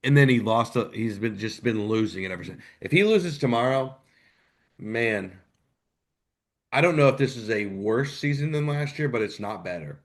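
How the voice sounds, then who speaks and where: A man co-hosting a live sports podcast, ranting with sudden swings between loud outbursts and low mutters. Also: moderate pace. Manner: ranting, animated, jumps between loud and quiet. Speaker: podcast co-host. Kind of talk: live postgame sports chat.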